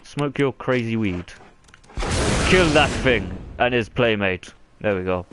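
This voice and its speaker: A man's voice: medium pitch, animated, a little slow, noisy background. A man streaming a video game, talking over it with crude, mocking banter. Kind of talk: profane gameplay commentary.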